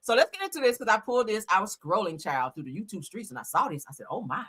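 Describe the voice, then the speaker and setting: A woman hosting a casual gossip show, talking in a profane, animated way and laughing often as she reads posts aloud. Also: medium pitch, fast, breathy edge. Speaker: host.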